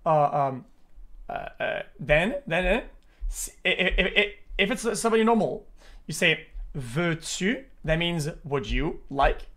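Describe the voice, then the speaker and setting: Young streamer, high voice, rapid profane rambling, repeats himself. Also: male voice, animated, pushed and bright. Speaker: streamer reacting to a video. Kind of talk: live stream reaction commentary.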